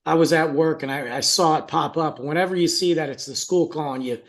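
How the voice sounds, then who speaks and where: A man's voice: fairly high pitch, a little fast. A young adult man, a podcast co-host, telling a story in casual chat, acting out quotes and laughing often.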